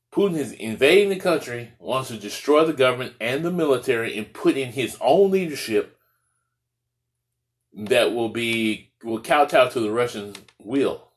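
A man's voice: fairly low pitch, poor audio. A man from the United States giving an impassioned opinion monologue, full of rhetorical questions and repeated words for stress.

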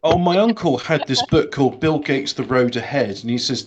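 A man's voice: mid-range voice, moderate pace, dull audio, noisy background. A man co-hosting a casual chat, tossing in dry wisecracks. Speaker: podcast co-host.

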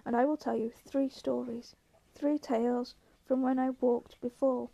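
A vast, ancient tree monster that makes grand and menacing proclamations in a slow, booming voice, as a woman reads him aloud. The voice sits high but stays level in pitch, with a mellow, dark tone, like a storybook giant. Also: little pitch movement, vocal fry, muffled recording, full character voice. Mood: ominous.

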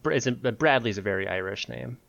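A man's voice: mid-range voice, a little fast, creaky, a bit bright, dull audio. A man co-hosting an esports podcast, joking around and laughing in casual chat. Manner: jokey, laughs often. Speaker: podcast co-host.

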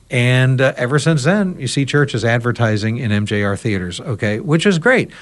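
A talk radio host telling a story on a roundtable podcast and voicing both sides of a conversation. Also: male voice, medium pitch, expressive, moderate pace, few pauses. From United States.

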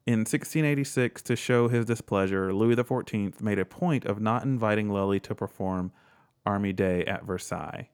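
Very deep-voiced joking man. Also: moderate pace, darkish tone, clean tone. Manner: jokey, offhand, swears casually. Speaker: podcast co-host. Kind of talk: casual chat, reading facts aloud.

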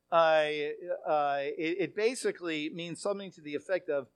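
A Bible teacher giving a sermon-style talk, animated and emphatic, with frequent fillers and restarts, reading scripture aloud with dramatic feeling. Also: mid-range voice, fairly quick, few pauses, no echo.

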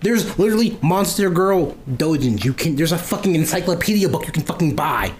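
Animated man telling stories, lively pitch. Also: brisk, slight background noise. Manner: animated storyteller, acts out quoted exchanges, swears freely. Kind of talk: casual podcast chat.

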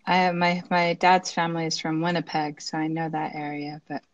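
A woman's voice: sits low, level tone, normal speed, no room sound. A woman chatting casually and asking friendly questions. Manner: friendly, asks many questions. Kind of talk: casual video chat.

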